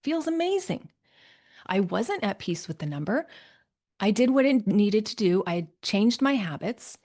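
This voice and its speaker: A woman's voice: mid-range voice, expressive, a little slow, darkish tone. A middle-aged woman coach talking solo on a podcast, upbeat and chatty, often tagging lines with "right?". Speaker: midlife health coach, podcast host.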